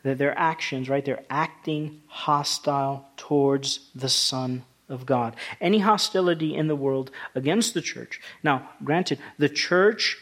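A man's voice: medium pitch, unhurried, hardly any pauses, fairly bright tone. A male pastor preaching a sermon, talking through scripture in a conversational way that rises to emphatic passages.

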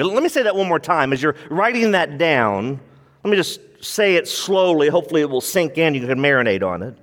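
A man's voice: fairly high pitch, big pitch swings, fairly quick, a bit bright, big-room sound. A male pastor preaching a sermon in an emphatic, conversational way, often repeating himself as he works through a passage.

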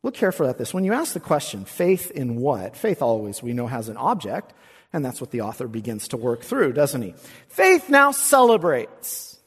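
A pastor preaching an expository sermon in a church, swinging between emphatic lines and hushed asides and asking rhetorical questions. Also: male voice, medium pitch, big pitch swings, fairly quick, breathy edge, long reverb tail. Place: church sanctuary.

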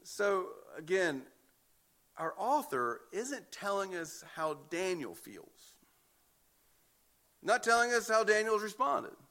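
A man delivering a sermon in a bright, forceful voice set a little high for a man. He is emphatic and doubles back on words as he drives each point home. His pace surges and slows as he presses the story's tension. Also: big pitch swings. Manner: emphatic, repeats words when building a point. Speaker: pastor. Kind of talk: expository sermon.

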